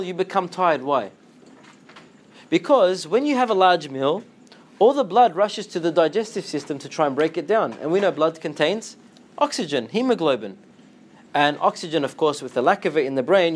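A man giving an animated Islamic lecture, slipping into Arabic phrases and acting out quotes in a lower voice. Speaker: Islamic teacher. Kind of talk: lively lecture to students.

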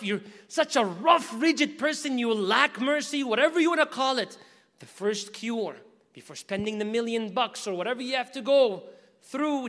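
A man preaching a storytelling sermon to an audience, animated, acting out voices and shouting at the high points. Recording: echoing hall reverb.

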